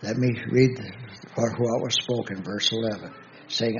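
Male preacher, gravelly voice, halting delivery, dull lo-fi recording with faint hiss. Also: lowish voice, fairly even intonation. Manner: slow, halting, with many restarts and fillers; reads scripture aloud in a slow, measured voice. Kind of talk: Bible study sermon.

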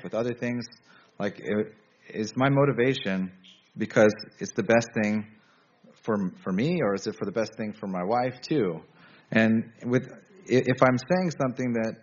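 A man preaching a sermon to a congregation in a relaxed, conversational way, often restarting his sentences. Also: fairly low pitch, lo-fi sound. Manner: conversational, self-correcting, with frequent restarts.

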